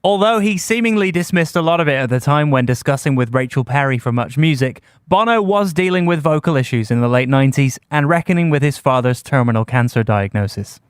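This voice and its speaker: Crisp-voiced male podcast narrator. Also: mid-range voice, animated, no echo, clean studio sound. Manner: measured storytelling delivery. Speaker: podcast host. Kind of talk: scripted narration.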